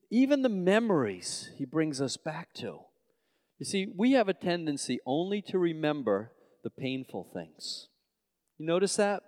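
A man from Long Island, New York, preaching a sermon as pastor. He swings between loud, emphatic lines and soft, low asides, and often restarts his sentences. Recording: long reverb of a large hall.

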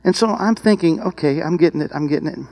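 A man preaching a sermon, telling a personal story with rising emotion and excited exclamations. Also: fairly high pitch, fast, low-quality recording. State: tearful at times.

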